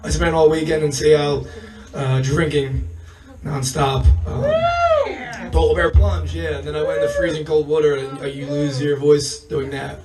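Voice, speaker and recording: A hoarse man losing his voice, telling a rambling, profane stand-up story on a comedy stage and chuckling as he goes. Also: a little high, big pitch swings, measured pace, distant mic, poor audio.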